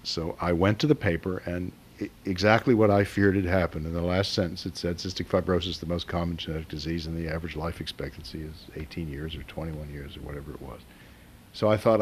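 A middle-aged man, a father, telling a family memory in a halting, emotional way with many hesitations. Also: deep voice, fairly even intonation, husky. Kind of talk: personal storytelling interview.

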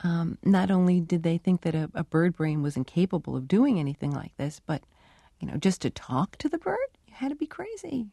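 A middle-aged woman researcher answering interview questions and telling her work stories with lively, acted-out dialogue. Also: low voice, moderate pace, no room sound, clean studio sound. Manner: animated storytelling, acts out dialogue. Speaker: animal cognition researcher.

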